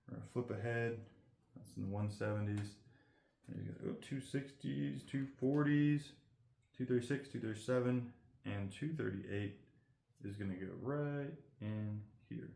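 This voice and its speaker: A man's voice: fairly low pitch, gravelly, a little mellow. Chatty man opening cards in an echoey room. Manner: chatty, rambling, reads card text aloud. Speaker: card collector host. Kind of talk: casual card-opening commentary. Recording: roomy echo.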